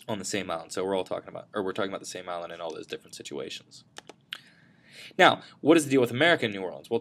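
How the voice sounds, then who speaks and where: Fast-talking male history teacher. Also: low-pitched, a little hiss or hum. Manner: brisk, casual, frequent self-corrections and fillers. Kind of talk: history lecture over slides.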